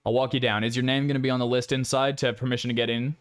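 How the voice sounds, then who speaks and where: A man voicing a relaxed male campus security guard who talks in a placating way. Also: medium pitch, rapid-fire, clear, resonant tone, close to an everyday voice.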